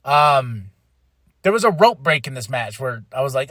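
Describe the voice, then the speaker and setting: A man hosting a podcast, recapping wrestling in casual talk and acting out quoted lines in quick mock voices. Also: medium pitch, very animated, fairly bright tone, no room sound, clean studio sound. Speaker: podcast host.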